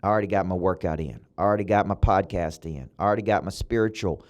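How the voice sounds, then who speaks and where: A middle-aged Southern man with a fairly low voice drives a motivational talk in a punchy, preacher-like rhythm. He hammers points home, then leaps to sudden loud peaks. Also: fast, highs cut off. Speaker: motivational coach and podcast host. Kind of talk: motivational podcast monologue. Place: his own podcast studio building.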